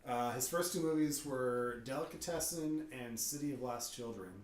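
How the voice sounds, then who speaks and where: A man's voice: medium pitch, moderate pace, a little hiss or hum. Male podcast co-host, mid-range voice, considered explanations, echoey room sound. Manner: thoughtful, explains film background at length. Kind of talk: casual film-discussion chat.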